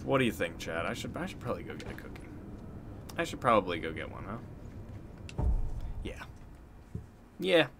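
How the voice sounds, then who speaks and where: An excitable male streamer commentating his gameplay live, joking and swearing as he talks to chat. His pitch jumps around a lot, and steady background noise sits under his stream mic. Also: moderate pace, vocal fry, pauses often. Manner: excitable, joking, swears freely, chats to viewers. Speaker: game streamer.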